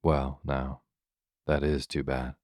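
A kindly old country doctor, cheerful and brisk, read by a man with a very deep voice. His tone stays level and unhurried, recorded close and dry. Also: level tone, a little mellow, no echo. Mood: cheery.

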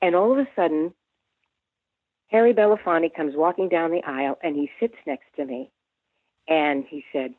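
A woman in her seventies, a guest on an interview, telling an anecdote in a lively way, humming tunes and restarting her sentences. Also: deep voice, normal speed, dry recording. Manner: animated storyteller who hums tunes and restarts often. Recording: dry, tinny phone line.

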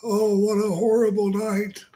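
An older man putting on a high, wailing voice for a self-pitying wrestling manager. It climbs far above his own register and comes out slow and drawn out. The delivery is full of woe. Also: monotone, warm tone. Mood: mournful.

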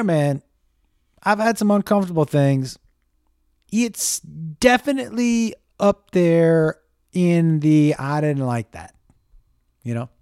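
A middle-aged man telling a profane, animated comic story in a stand-up style. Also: a little high, no room sound, studio quality. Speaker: comedian.

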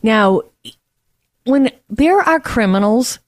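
A woman's voice: on the high side, lively intonation, slow pace, dry recording, clean studio sound. Emphatic woman hosting a political talk show. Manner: emphatic, indignant commentary.

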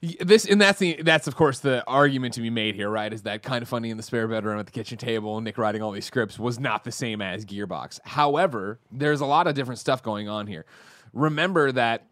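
A man's voice: medium pitch, fairly quick, no room sound. Chatty man co-hosting, dry sound. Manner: animated, rambling, self-correcting. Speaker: podcast co-host. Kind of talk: casual chat.

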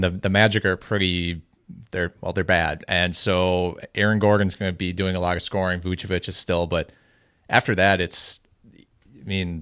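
A man analysing fantasy basketball picks in a casual podcast chat, measured and hesitant with many fillers. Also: low-pitched, fairly bright tone, dry recording, clean studio sound.

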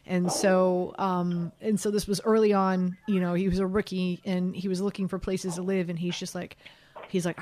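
A woman hosting a sports radio show, telling stories in lively casual chat and laughing through them. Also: fairly low pitch, normal speed, no echo. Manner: animated storyteller, laughs through her stories. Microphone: studio microphone.

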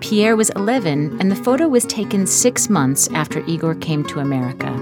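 A woman hosting a radio show, briskly reading a scripted introduction. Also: lowish voice, expressive. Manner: brisk, announcing. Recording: loud music and crowd behind.

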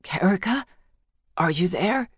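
In an audiobook, a woman with a natural, mid-range voice reads a fretful young warrior who is wounded and anxious, speaking unhurriedly. She makes him sound strained, worried and dazed, as if struggling to hold his fear in check. The recording is dry and close, with no room sound.

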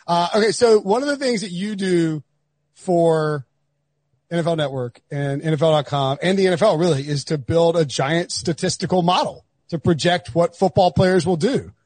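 A man's voice: fairly high pitch, moderate pace, a little mellow, no room sound. A man from North Carolina hosting a podcast in casual, rambling chat with many restarts. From North Carolina, USA. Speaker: podcast host.

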